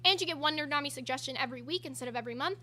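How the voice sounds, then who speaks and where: A young woman with a high, bright voice co-hosts a casual livestream. She talks at a breakneck pace and runs her words together in quick bursts. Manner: rapid-fire speed talking. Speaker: stream co-host.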